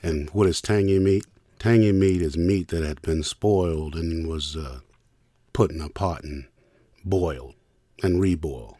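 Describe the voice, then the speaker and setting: An older man from Richmond hosting a storytelling podcast, reminiscing in the first person and thanking listeners warmly. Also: deep voice, a little slow, dry recording, clean studio sound. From Richmond, United States. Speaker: podcast host and producer.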